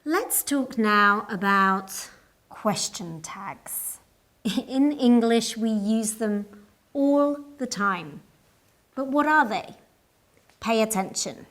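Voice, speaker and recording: Slow, measured woman teaching English. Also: on the high side, lively intonation. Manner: slow, clear, deliberate teaching delivery. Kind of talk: scripted lesson narration.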